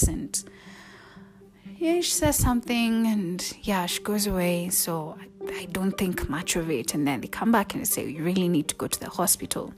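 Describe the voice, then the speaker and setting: Woman, personal storytelling, mid-pitched voice, emotional delivery, soft music behind. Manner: emotional, rising to loud and falling to hushed asides. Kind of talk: personal story told to viewers.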